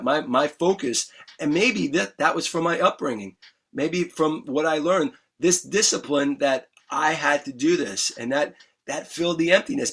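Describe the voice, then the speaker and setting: Earnest, husky-voiced middle-aged man. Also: fairly high pitch, fairly bright tone. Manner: earnest, emphatic, repeats key words. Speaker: guest musician. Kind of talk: candid interview storytelling. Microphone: remote interview mic.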